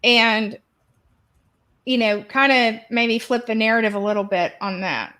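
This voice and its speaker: A woman with a somewhat high voice explaining children's behavior as a podcast guest. She talks casually and often restarts her sentences as she goes. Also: measured pace, bright, forceful tone. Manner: explanatory, with self-corrections. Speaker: guest expert.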